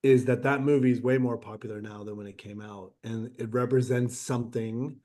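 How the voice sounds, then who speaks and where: A middle-aged man telling stories in a casual interview, acting out quotes with lively shifts. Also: medium pitch, a little fast. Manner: animated anecdote-telling with acted-out quotes. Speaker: interview guest, actor.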